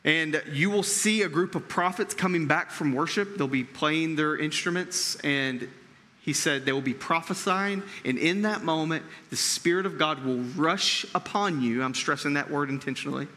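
Male pastor, sermon, conversational, repeats words while thinking, bright tense voice, long church reverb. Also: on the high side, moderate pace. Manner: conversational preaching with frequent check-ins to the audience.

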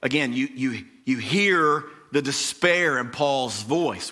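A male pastor preaching a sermon, reading scripture and swinging between hushed, measured lines and loud, emphatic declarations. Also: mid-range voice, animated.

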